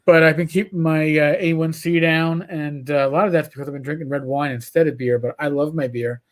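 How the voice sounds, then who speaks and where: A man's voice: fairly high pitch, fairly even intonation, fairly quick. A man with a New York accent hosting a casual livestream chat, talking bluntly and profanely, rambling with restarts. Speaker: podcast host.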